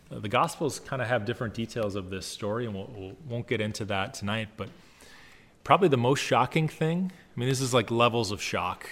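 A man's voice: medium pitch, a little fast, fairly bright tone. A man giving a casual, conversational Bible teaching to young adults, reading scripture aloud with emphasis between his own remarks.

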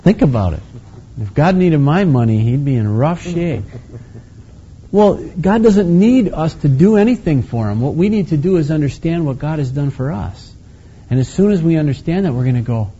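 A man's voice: on the high side, lively intonation, moderate pace, dark tone, breathy edge. A man preaching a conversational sermon in a casual, folksy way, with many asides and restarts. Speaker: pastor. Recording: slightly muffled lo-fi recording.

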